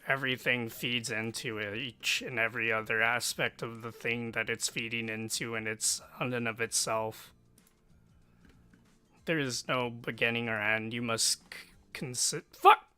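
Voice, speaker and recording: A man's voice: mid-range voice, little pitch movement, moderate pace, bright, forceful tone, clear, resonant tone, faint music behind. An American man streaming live while drawing, rambling to himself in a self-mocking, offhand way.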